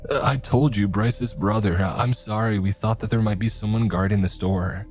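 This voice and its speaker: A man's voice: on the low side, fairly even intonation, moderate pace, soft background music, voice pushed up, natural voice. A man voicing a frightened teenage boy who stammers and pleads. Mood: nervous pleading.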